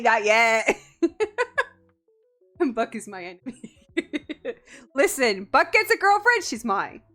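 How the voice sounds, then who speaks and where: A woman's voice: fairly high pitch, pushed and bright. A woman from the United States, a VTuber streamer, chatting casually and playfully, teasing and giggling often. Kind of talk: casual live-stream chat.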